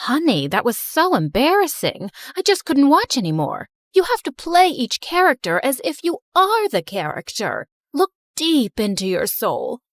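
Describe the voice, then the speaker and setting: A woman voicing a vain, theatrical mother who was once an actress, with a lower, showy delivery. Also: wildly swooping pitch, moderate pace, few pauses, no room sound, studio quality, full character voice. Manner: theatrical, dramatic. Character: vain self-absorbed former actress mother.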